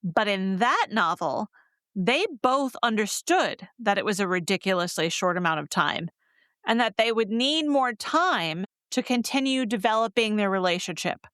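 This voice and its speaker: A woman's voice: medium pitch, animated, moderate pace, a bit bright, smooth, no room sound, studio quality. A woman co-hosting a romance book podcast, chatting candidly and laughing easily. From North Carolina. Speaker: podcast co-host reviewing romance novels. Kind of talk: casual chat.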